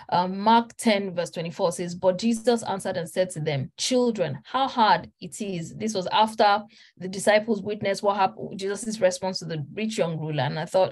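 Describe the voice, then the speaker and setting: A woman's voice: mid-range voice, darkish tone. A woman preacher delivering an earnest, emphatic sermon, stressing points through repetition. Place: church.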